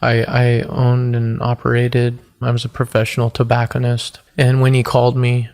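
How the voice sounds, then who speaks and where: A man in his forties telling his personal story as a podcast guest, earnest and halting, with many restarts. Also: medium pitch, completely flat delivery, a little mellow, clear, resonant tone. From United States. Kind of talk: personal testimony in an interview.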